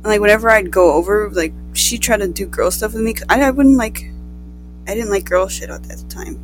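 A woman's voice: medium pitch, music in the background, poor audio. Profane teenage girl rambling through a story. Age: teens. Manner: profane, rambling, quick asides. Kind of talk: casual storytelling chat.

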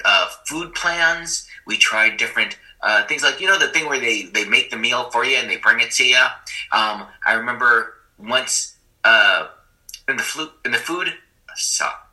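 A man's voice: mid-range voice, moderate pace, pushed and bright, rough recording. A man, a school teacher, telling his own story in a conversational, self-deprecating way with many fillers. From Puerto Rican and Haitian family. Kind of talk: personal storytelling, testimony.

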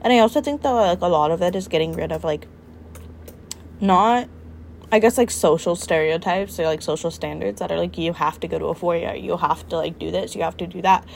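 A woman's voice: on the low side, a little fast, gravelly, a little mellow, a little hiss or hum. A young woman co-hosting a podcast, talking bluntly and animatedly in a casual chat, swearing and joking. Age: young adult. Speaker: podcast co-host.

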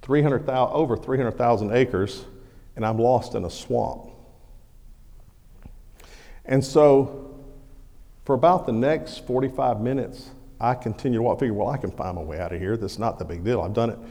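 Folksy pastor in a reverberant sanctuary. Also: male voice, medium pitch, moderate pace, long pauses. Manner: folksy, animated storytelling with acted shouts. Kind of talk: sermon storytelling. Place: church sanctuary. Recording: long hall reverb.

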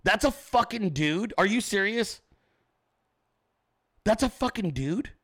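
A man's voice: sits high, lively intonation, slow, fairly bright tone. A man hosting a livestream, ranting profanely and combatively at commenters in his chat. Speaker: show host.

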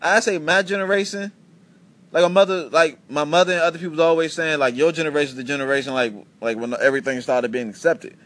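A young man in his twenties talks alone into the mic as host of his own podcast, rambling through stories. His voice sits a little high for a man. He swears freely and keeps breaking off and restarting his sentences. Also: a little fast. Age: 20s. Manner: animated, profane storytelling with many restarts. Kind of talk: casual solo podcast rant.

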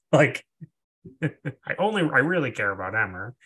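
Guy podcast host, bright voice, chatty recap, jokes around a lot. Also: medium pitch, moderate pace. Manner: animated, jokey, acts out scenes. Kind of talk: casual chat and episode recap.

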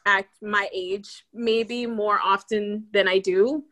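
A woman's voice: mid-range voice, steady tone, takes it slowly, a bit bright. A young woman, a guest on a podcast, telling stories in casual chat and laughing often.

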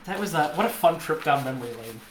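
A man co-hosting a podcast, telling a story in a casual, animated way, laughing often and mimicking the people in it. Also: on the high side, fast talker, a little hiss or hum. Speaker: podcast co-host. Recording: roomy echo.

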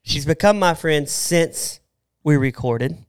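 A Southern American man co-hosting a podcast, joking around in loose banter. His voice comes through smooth and clear. The sound is dry and close, with no room around it. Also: a little high, lively intonation, slow, no echo. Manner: joking, plays bad put-on accents. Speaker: podcast co-host. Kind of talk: casual podcast chat.

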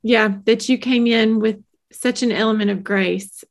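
A woman's voice: a little high, fairly even intonation, unhurried. A woman with a Southern US accent co-hosting a podcast, gushing and enthusiastic with lots of giggles. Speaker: podcast co-host.

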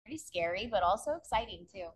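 A woman's voice: mid-range voice, expressive, fast, slight background noise. A woman co-hosting a podcast, talking candidly and reflectively in a casual way. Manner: candid, reflective, addresses listeners directly. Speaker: podcast co-host. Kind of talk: casual chat.

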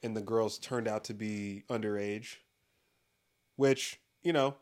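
A man's voice: lowish voice, fairly even intonation, takes it slowly. A man hosting a casual comedic monologue, swearing constantly, rambling and breaking into laughter. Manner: profane, rambling, laughs often.

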